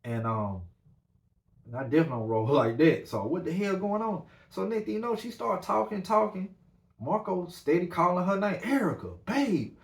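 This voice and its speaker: Rambling man telling a story. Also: mid-range voice. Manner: animated, rambling with many fillers. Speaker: podcast host. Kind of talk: casual storytelling. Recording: roomy echo.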